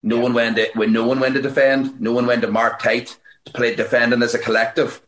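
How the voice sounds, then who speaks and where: A man's voice: medium pitch, little pitch movement, a bit bright, roomy sound. A man in his forties from Fermanagh with a Northern Irish accent, a guest coach telling stories in a casual interview, full of restarts and chuckles. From Fermanagh, Northern Ireland. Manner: rapid storytelling, many restarts and chuckles. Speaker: guest, Gaelic football coach.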